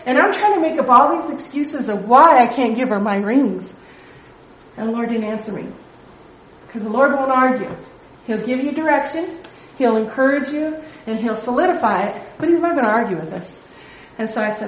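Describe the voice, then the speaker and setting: A woman's voice: a little high, moderate pace, a little hiss or hum. A middle-aged woman leading a Bible study, telling a personal testimony in an earnest, conversational way. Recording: echoey room.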